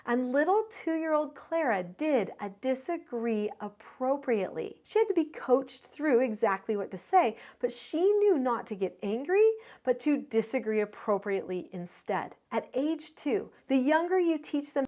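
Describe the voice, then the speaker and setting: A middle-aged woman, a parenting educator, giving clear, explanatory teaching to parents and telling stories to make her points. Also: high voice, sing-song, a little slow, few pauses, mellow. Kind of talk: instructional talk to parents.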